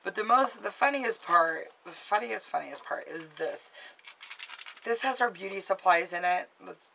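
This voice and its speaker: A woman's voice: medium pitch, expressive, unhurried, vocal fry, sharp tone, a little hiss or hum, poor audio. A woman in her late thirties chatting casually in a show-and-tell vlog, rambling and restarting, sentimental and easily moved. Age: late 30s. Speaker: vlogger.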